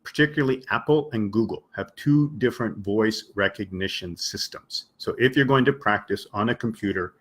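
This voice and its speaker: A man's voice: fairly low pitch, moderate pace, few pauses, a bit bright, husky. A man teaching English on a live stream, explaining patiently and acting out short example dialogues for his listeners.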